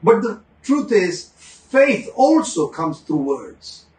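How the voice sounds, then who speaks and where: High-voiced male preacher in an echoey room. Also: big pitch swings, darkish tone, recorded from a distance. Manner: dramatic swings between fast bursts and slow, drawn-out emphasis; repetitive, emphatic preaching. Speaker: pastor. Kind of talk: sermon.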